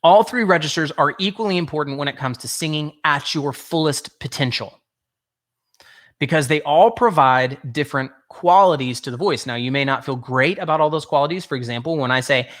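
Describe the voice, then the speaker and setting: Speaking fairly quickly in a fairly high, slightly bright voice, a vocal coach guides a singing workshop. He addresses his listeners directly, explains patiently, and regularly catches and corrects himself mid-word.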